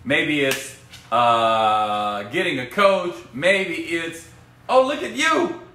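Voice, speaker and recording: Animated, playful male coach in an echoey room. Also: on the high side, takes it slowly. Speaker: business coach. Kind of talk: casual live-stream chat. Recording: echoey room with faint ambience.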